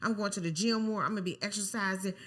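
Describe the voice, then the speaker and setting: A woman's voice: mid-range voice, fast. A woman, co-hosting a podcast in a casual chat, telling stories animatedly. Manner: animated storytelling, acts out quoted voices. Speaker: podcast co-host.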